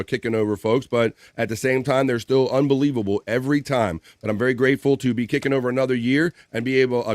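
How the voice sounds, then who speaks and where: A man's voice: mid-range voice, no room sound, clean studio sound. A man hosting a casual daily live show, upbeat and reading viewer comments aloud. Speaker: livestream host. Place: home studio.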